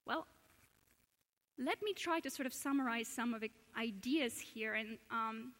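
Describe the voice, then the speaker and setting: A woman's voice: on the high side, measured pace, a bit bright. A woman giving an earnest public lecture at a church, asking questions and often restarting her sentences. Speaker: speaker giving a talk at a church. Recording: long hall reverb.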